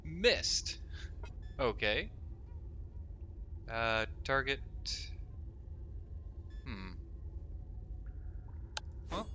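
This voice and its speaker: Bright-voiced man narrating gameplay. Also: medium pitch, slight background noise. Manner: casual, reads game text aloud, self-directed chatter. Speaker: let's play host. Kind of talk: gameplay commentary.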